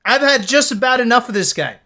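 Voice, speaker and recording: High bright-voiced guy in his 30s streaming, cussing and laughing through a story. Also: brisk. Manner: animated, profane, laughing storyteller. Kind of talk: casual storytelling on a live stream.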